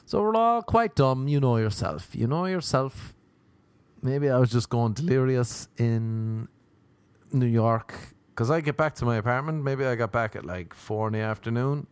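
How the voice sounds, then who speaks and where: An Irish man telling a rambling comic story with deadpan asides, swearing and acted-out quoted voices. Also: mid-range voice, measured pace, clean tone, no room sound. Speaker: touring comedian.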